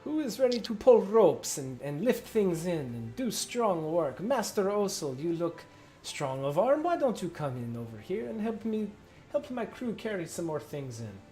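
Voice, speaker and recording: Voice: medium pitch, very animated, normal speed, mellow, soft background music, voice pushed up, close to an everyday voice. A game master voicing a boastful, scheming male ship captain with a grand, self-praising manner.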